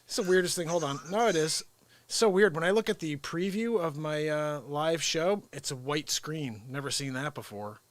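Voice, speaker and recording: A man hosting his own comedy livestream, talking loosely to his viewers and drifting from one tangent to the next. His voice sits a bit high for a man. The sound is dry and close, with no room around it. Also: moderate pace, dry recording. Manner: rambling and chatty, trailing off mid-thought. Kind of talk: casual livestream chat.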